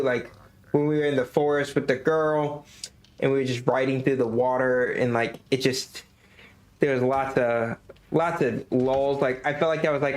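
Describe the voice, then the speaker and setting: A man streaming a game, talking casually in a rambling way. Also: medium pitch. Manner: rambling, many restarts and likes. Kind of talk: casual gameplay commentary. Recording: echoey room.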